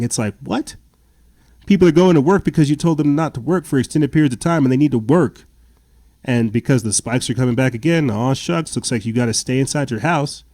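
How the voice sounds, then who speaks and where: A man hosts a political commentary podcast, reading news reports aloud and adding sarcastic, indignant remarks, often stammering and restarting. His mid-range voice is warm, with no room sound.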